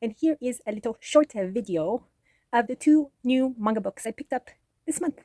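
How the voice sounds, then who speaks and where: A woman's voice: on the high side, animated, moderate pace. A woman vlogger chatting casually about manga and retelling a story in a rambling way, full of fillers.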